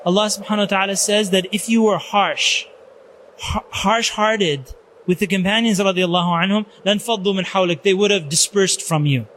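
A man giving a religious lecture, telling stories in an animated way and peppering his talk with Arabic religious phrases. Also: high-pitched, very fast, a little hiss or hum. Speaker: Islamic lecturer.

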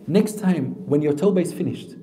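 A man preaching a sermon who swings between loud, emphatic lines and soft, low asides, often asking the audience questions and answering them himself. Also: animated, normal speed. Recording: echoey hall with long reverb.

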